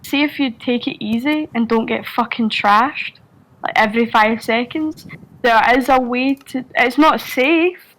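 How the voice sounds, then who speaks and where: A woman's voice: on the high side, measured pace, fairly bright tone, low-quality recording. A woman with a Scottish accent chatting casually on a group voice call, rambling with lots of fillers, restarts and swearing. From Scotland. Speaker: Discord server member.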